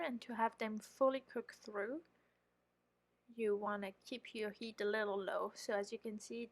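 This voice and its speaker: A woman with a French accent, chatting through a voice-over of her home baking and explaining her mistakes as she goes. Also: on the high side. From France. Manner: chatty, explanatory, self-critical. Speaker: home baker and channel host.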